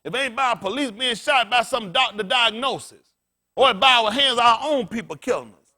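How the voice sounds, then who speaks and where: A man's voice: very high-pitched, normal speed, sharp tone. A man pastor delivering an impassioned sermon in colloquial, conversational preaching talk that builds into emphatic outbursts. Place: congregation gathering.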